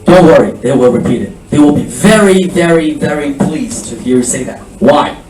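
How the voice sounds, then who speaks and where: In a roomy, echoing presentation hall, a school principal with a fairly high voice gives prospective students an animated seminar, drilling French phrases at a moderate pace. He sits far from the mic, and a faint hum runs in the background.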